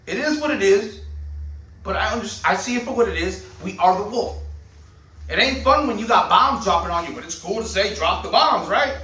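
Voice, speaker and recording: A man's voice: high voice, bright, forceful tone, echoey room, distant mic, rough recording. A man, a channel host and veteran, delivering a heated, profane monologue full of rhetorical questions. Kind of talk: ranting monologue.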